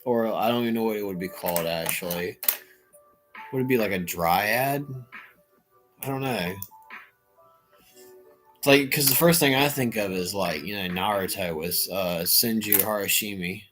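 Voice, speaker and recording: A man hosting a casual livestream chat, talking in an animated way and bursting into playful shouting impressions. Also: on the low side, normal speed, long pauses, faint music behind. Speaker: livestream host.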